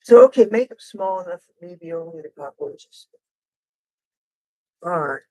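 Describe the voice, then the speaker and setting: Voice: medium pitch, expressive, measured pace, darkish tone, low-quality recording. An adult streamer talks off the cuff to viewers in a loose, meandering flow. The speech drifts from one subject to the next with frank, slightly wry asides. The tone stays casual and unpolished. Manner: rambling and digressive, jumps between topics. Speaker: livestream host and street guitarist. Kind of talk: casual rambling livestream chat.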